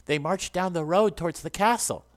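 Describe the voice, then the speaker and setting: A man's voice: sits high, moderate pace, pitched above the performer's own voice, lightly acted. A man reading aloud and voicing a dying male soldier who speaks in grave, archaic phrases. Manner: archaic, faltering speech.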